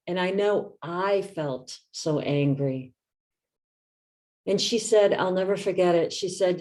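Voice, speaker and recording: A woman in her fifties, a meditation teacher, giving a reflective talk in a gentle, soft-spoken way. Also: lowish voice, measured pace.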